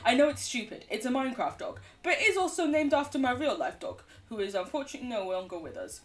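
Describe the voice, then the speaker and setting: A woman's voice: high-pitched, big pitch swings, quick pace, distant mic. A woman game streamer chatting casually and rambling as she plays, laughing often. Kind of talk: casual gaming chat.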